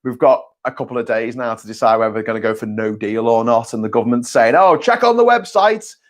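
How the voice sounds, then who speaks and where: A man's voice: fairly low pitch, level tone, fast. A man, hosting a casual live chat, reading viewer messages and talking bluntly and sarcastically, with plenty of swearing. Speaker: host.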